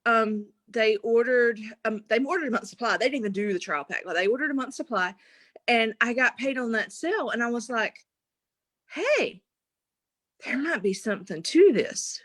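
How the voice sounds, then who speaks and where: Young woman chatting, high-ish voice, acts out the quotes, dry close sound. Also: a little fast, no room sound. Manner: animated, acts out quotes, laughs often. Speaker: guest. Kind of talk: casual storytelling.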